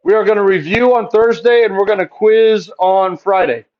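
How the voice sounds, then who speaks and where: Chatty high-voiced male math teacher. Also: steady tone, moderate pace, dull audio. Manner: chatty, asks questions then answers them, jokes. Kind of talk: classroom math lecture. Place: classroom.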